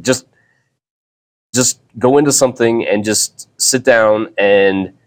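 Rambling, easygoing man with a low voice. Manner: rambling, easygoing, restarts often. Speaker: podcast host. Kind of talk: casual solo podcast chat.

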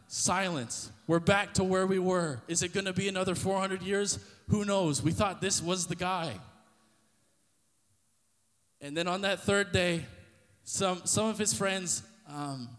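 Male preacher, high voice, intense storyteller who often restarts his words, long hall reverb. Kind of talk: sermon.

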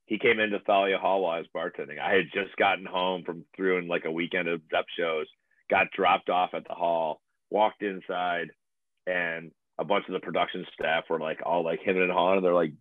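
Deep-voiced man on a tinny line. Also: no room sound. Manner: laid-back, swears freely, laughs often. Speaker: musician and bartender. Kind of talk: casual storytelling chat. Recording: tinny phone-like, dry sound.

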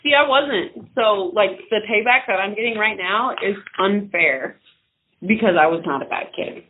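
A young woman telling stories in casual chat, acting out loud quotes with big swings. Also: medium pitch, normal speed, slight background noise. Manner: animated storyteller, swings into loud mock quotes. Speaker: podcast co-host. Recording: tinny phone-like audio.

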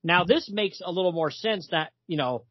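A man's voice: sits high, lively intonation, normal speed, lo-fi sound. A man co-hosting a comics podcast in casual chat, retelling the story with lots of fillers. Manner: chatty retelling full of fillers, reads lines aloud.

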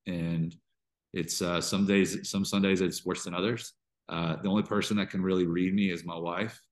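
A man with a very deep, low voice shares his personal struggles as a podcast guest. He talks in halting bursts, restarting sentences and circling back as he works through what he feels. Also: flat delivery. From Georgia. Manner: halting, restarts often, emotional storytelling. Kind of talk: candid interview conversation.

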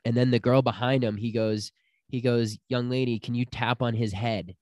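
A man's voice: medium pitch, normal speed, no echo, clean studio sound. A young man telling a personal story in casual chat, acting out the people he quotes. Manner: animated storyteller, acts out quotes.

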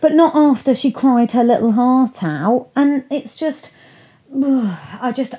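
A woman hosting a podcast, chatting about films in an animated way with frequent laughter. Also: medium pitch. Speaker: podcast host. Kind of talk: casual film chat.

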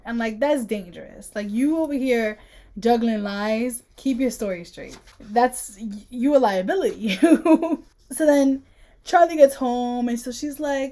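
A woman with a fairly high, warm and mellow voice, chatting casually as a podcast co-host. She recaps a story by acting out the characters' lines, often jumping up in pitch for them. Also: unhurried. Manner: animated retelling, acting out dialogue with pitch jumps. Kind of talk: casual chat recapping a book chapter.

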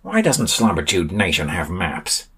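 A man's voice: low voice, wildly swooping pitch, unhurried, a bit bright, slightly rough, full character voice. A man voicing a level-headed, puzzled young man who asks dry, questioning remarks.

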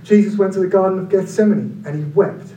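A man around forty, preaching a sermon in an animated, conversational way with humorous asides. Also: fairly quick. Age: about 40. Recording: echoey room from far off, low-quality.

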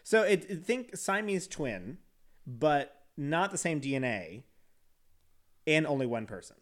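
A man's voice: on the high side, very animated, unhurried. A man on a podcast reading an article aloud with casual asides, often stumbling over words and laughing at himself. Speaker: podcast host.

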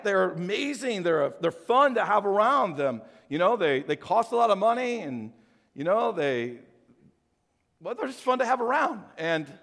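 An older man preaching a sermon, telling animated stories and acting out the voices in them. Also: high voice. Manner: animated storytelling, acts out voices. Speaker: pastor. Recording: long church hall reverb.

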